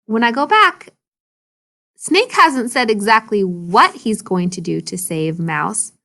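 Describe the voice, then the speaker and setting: A woman's voice: medium pitch, lively intonation, slow pace, bright, forceful tone. A woman teacher reading a story aloud and explaining it to children in a video lesson.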